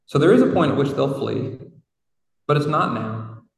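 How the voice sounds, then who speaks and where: A man's voice: medium pitch, animated, normal speed, creaky. A man preaching a sermon in a reflective, conversational way, with casual asides. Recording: roomy hall from far off.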